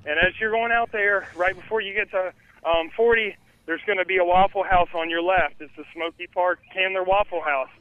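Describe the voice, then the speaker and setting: A man's voice: high-pitched, fairly even intonation, a little fast, no echo, phone-quality sound. A man calling in live from a haunted attraction, telling stories in a loose, rambling way. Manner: rambling, laid-back storytelling. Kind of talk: casual live field report.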